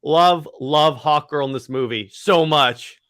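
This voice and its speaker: A man's voice: on the high side, slow, a bit bright, clear, resonant tone. A man co-hosting a podcast, chatting casually and enthusiastically about a film, with lots of "like" fillers. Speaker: podcast co-host. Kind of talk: casual discussion of a comic-book film.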